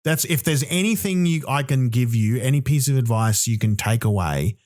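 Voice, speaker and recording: A man's voice: mid-range voice, lively intonation, moderate pace, darkish tone. A young Australian man hosting a podcast, ranting in a loose comic monologue, swearing and acting out little voices as he goes. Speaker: podcast host.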